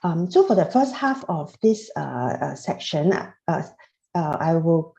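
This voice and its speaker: A woman's voice: deep voice, big pitch swings, a little slow, creaky, dark tone. A woman giving an online tax lecture on a video call, talking hesitantly with many fillers and restarts. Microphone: computer mic on a video call. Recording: roomy, dull lo-fi video call audio.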